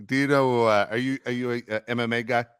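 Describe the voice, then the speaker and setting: A middle-aged man hosting a sports podcast, telling stories in casual, animated chat. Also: mid-range voice, fast talker, smooth, no room sound, clean studio sound. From Los Angeles area. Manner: storytelling, animated, swears casually. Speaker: podcast host.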